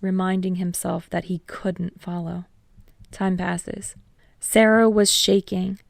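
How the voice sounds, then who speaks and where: A woman reading a fan fiction story aloud as a podfic, in steady scripted narration. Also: fairly low pitch, gravelly, no echo, studio quality. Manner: steady storytelling, voicing all characters. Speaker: podfic reader.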